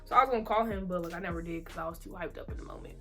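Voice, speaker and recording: A young adult woman telling a casual storytime, animated and slangy, repeating herself for emphasis. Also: fairly low pitch, rapid-fire, soft background music. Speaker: vlogger.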